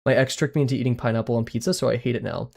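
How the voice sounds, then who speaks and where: A man streams live and talks to his viewers in a loose, casual way. His verdicts come out blunt and offhand, and he is quick to throw in a sorry. His pitch sits in an ordinary middle range. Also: fairly even intonation, vocal fry, a little mellow. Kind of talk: casual livestream chatter.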